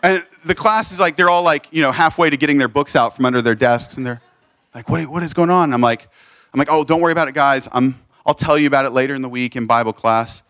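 A man, a teacher, telling a lively personal story in a casual way, often restarting and acting out the people he quotes. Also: medium pitch, fast, no room sound. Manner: animated, quoting others in voices, restarts often. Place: Lebanon.

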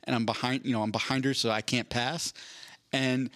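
A man's voice: medium pitch, little pitch movement, moderate pace, fairly bright tone, no room sound, clean studio sound. A young adult man telling a rambling, self-deprecating story on a casual podcast, with many restarts. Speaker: podcast co-host.

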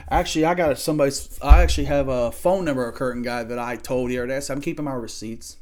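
A man hosting his own podcast, ranting angrily and profanely about college sports, swinging from loud outbursts to low muttering, recorded in a small home studio. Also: fairly even intonation, fast. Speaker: podcast host.

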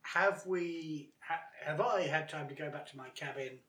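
A man's voice: fairly high pitch, moderate pace, pushed and bright, echoey room, recorded from a distance. A man playing a tabletop role-playing game, talking with wry, dry humor. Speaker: player.

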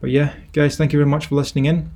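A man's voice: fairly high pitch, flat delivery, racing, dark tone. A young Scottish man hosting his own podcast, giving an encouraging, rambling pep talk on a headset mic. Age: young adult. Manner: encouraging, rambling with fillers and restarts. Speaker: podcast host and personal trainer.

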